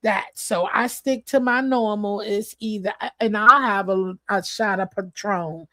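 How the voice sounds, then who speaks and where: A woman hosting a casual livestream chat with her viewers, expressive and chatty, laughing often and swearing casually. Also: mid-range voice, unhurried, no room sound. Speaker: livestream host.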